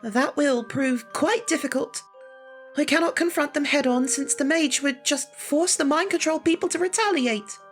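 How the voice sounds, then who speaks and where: Reader doing a formal fanged knight woman, high voice, proper speech, visual novel reading, faint music. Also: moderate pace, a bit bright. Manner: formal, stiff speech, erupting into hissing fury. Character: fierce, polite young female knight with fangs.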